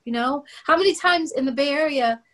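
A woman's voice: high voice, fairly quick, fairly bright tone. A middle-aged woman from Oakland, California, telling her story in an interview and animatedly acting out the voices she quotes. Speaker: guest singer.

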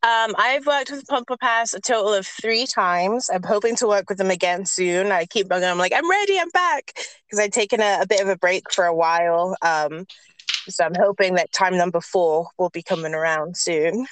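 A woman's voice: fairly low pitch, fairly even intonation, normal speed, dry recording, low-quality recording. A woman from the UK with an English accent, a chatty guest on a podcast who laughs often. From United Kingdom. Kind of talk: casual interview chat.

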